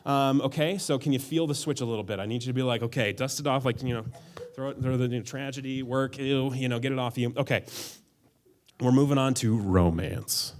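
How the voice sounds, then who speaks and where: A man's voice: medium pitch, a little fast, a little mellow. A man preaching a sermon as a pastor, in a casual, conversational way with frequent asides.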